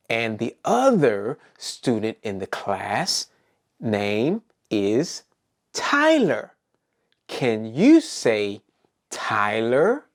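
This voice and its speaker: Lively, slow-talking man teaching preschoolers. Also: mid-range voice. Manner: cheery, talks to young kids and puppets with many questions. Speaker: preschool teacher hosting circle time. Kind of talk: children's circle time lesson.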